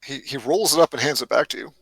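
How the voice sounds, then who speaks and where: Bright-voiced male game master. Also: mid-range voice, quick pace, vocal fry, breathy edge, no room sound, poor audio. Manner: hesitant, many fillers and restarts. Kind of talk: narrating a tabletop game.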